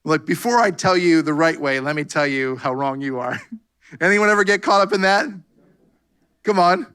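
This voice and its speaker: A man's voice: fairly high pitch, moderate pace, a bit bright, smooth. A man pastor preaching a fervent sermon, calling out "come on" and "amen" to his congregation. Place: church sanctuary.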